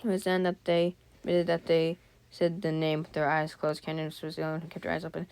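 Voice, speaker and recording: A woman's voice: low voice, completely flat delivery, quick pace, darkish tone, clean tone. A woman reading a scary story aloud for her channel, often stopping to joke, comment and apologize before going on. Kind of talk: casual read-aloud with chatty asides.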